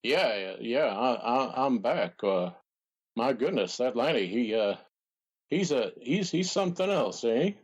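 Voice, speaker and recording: Man doing announcer impression, drawling, halting delivery, colorful insults, comedy podcast. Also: medium pitch, expressive, husky. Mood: bashful. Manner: hesitant, drawn-out, colorful put-downs. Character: folksy Southern wrestling announcer, blustery, easily riled.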